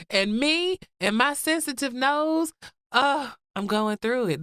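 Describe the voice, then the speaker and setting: A woman hosts her podcast with sassy, playful energy, her pitch jumping all over as she chats and laughs. Her voice sounds a little stuffy and nasal from the cold. The recording is close and dry, with no room sound around her. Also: a bit bright, no echo. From Georgia, US. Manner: sassy, playful, laughs often, drawls endearments. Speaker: podcast host. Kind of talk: casual chatty podcast intro.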